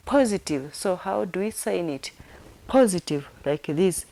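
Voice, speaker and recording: A woman's voice: fairly low pitch, animated, dark tone. A woman teaching sign language, repeating each word and spelling it out letter by letter. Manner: slow, repetitive, spells words letter by letter.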